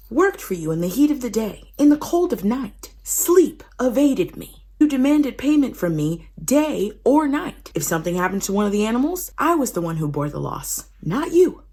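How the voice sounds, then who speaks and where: A woman's voice: lowish voice, husky, exaggerated voice. A woman doing a fed-up young herdsman. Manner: exasperated, ranting, rhetorical.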